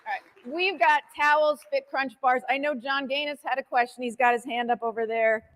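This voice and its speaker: A woman with a fairly high voice moderating a live session, heard from some distance in an echoing hall. She is upbeat and brisk as she hands the floor to people. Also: fairly even intonation, a bit bright. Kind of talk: event moderating.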